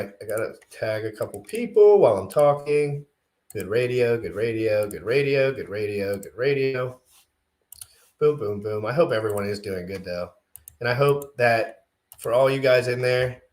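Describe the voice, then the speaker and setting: Excitable rambling man on a livestream. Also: lowish voice. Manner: rambling, self-deprecating, excitable. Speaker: livestream co-host. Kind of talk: casual livestream chat.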